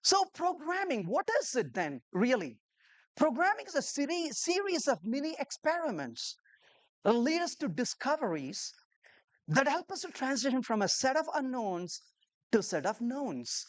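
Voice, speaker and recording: A woman's voice: sits high, moderate pace. A woman giving a live talk to a room of developers, telling stories and asking the audience rhetorical questions. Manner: animated storyteller who acts out conversations. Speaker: conference speaker.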